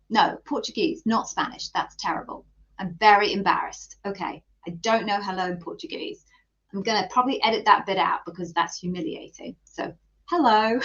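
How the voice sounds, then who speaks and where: Woman livestream host, interview coach, mid pitch, chatty and self-deprecating, lo-fi audio. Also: pushed and bright. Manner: chatty, self-deprecating, reading out viewer names. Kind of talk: live-stream chat greeting viewers.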